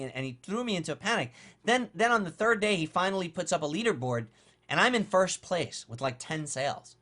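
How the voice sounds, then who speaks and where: Blunt, animated man giving marketing advice. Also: sits high, a little fast. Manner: animated, blunt and conversational, with casual swearing. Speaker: online marketing coach. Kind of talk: casual advice monologue.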